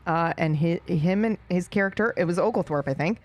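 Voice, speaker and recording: A woman's voice: lowish voice, brisk, dry recording, highs cut off. A woman in casual group chat, talking in a rambling, self-deprecating and fond way about roleplaying with a castmate. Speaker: roleplay streamer reflecting on a castmate.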